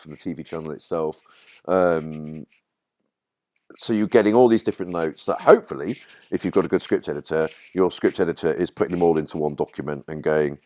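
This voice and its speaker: A middle-aged man with a low, deep voice speaks in a casual interview, recounting stories with animation. He jumps into a higher voice to act out what people said. The sound is dry and close. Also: dry recording. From Yorkshire, England. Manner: animated storyteller, acts out quotes in high voices. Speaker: guest writer.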